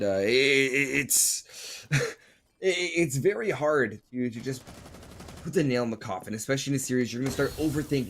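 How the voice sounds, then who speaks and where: A man's voice: mid-range voice, a little hiss or hum. Easygoing male esports color commentator. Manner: laughs easily, self-deprecating and good-humoured. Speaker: esports co-caster.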